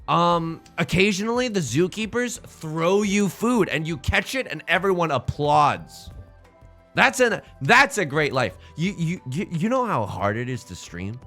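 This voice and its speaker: A male streamer chats to his audience in a lively, joking, self-mocking way. His voice sits a bit high for a man and swings widely in pitch. Soft music plays quietly behind him. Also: unhurried. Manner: animated, jokey, self-mocking. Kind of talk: casual stream chat.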